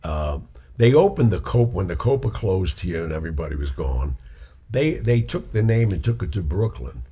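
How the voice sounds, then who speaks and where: A man's voice: deep voice, moderate pace, husky. A man, a singer, telling anecdotes in casual chat and acting out the voices of the people in them. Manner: animated storyteller acting out quoted voices. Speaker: guest storyteller; singer, performer.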